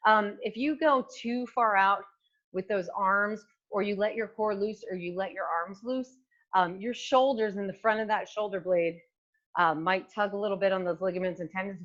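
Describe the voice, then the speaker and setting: A woman's voice: medium pitch, moderate pace, a bit bright, muffled recording. Woman coach leading a home workout. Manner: encouraging, instructive, with frequent fillers. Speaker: fitness coach. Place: home room with hardwood floor. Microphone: new microphone.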